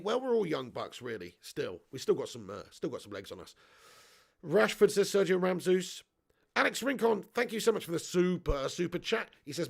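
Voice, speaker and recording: Gravelly, high-voiced football stream host. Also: male voice. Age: 30s. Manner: chatty, swears, laughs, reads viewer comments. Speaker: host of a live football watch-along. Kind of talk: casual live match commentary and chat.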